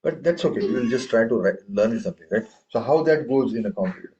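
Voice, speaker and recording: A male teacher leads a tabla lesson at a medium pitch, chanting rhythm syllables aloud. He stops often to quiz his students. The recording is dull and lo-fi. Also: expressive, fast talker, warm tone, a little hiss or hum. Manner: recites rhythm syllables aloud and quizzes the class. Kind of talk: classroom lesson.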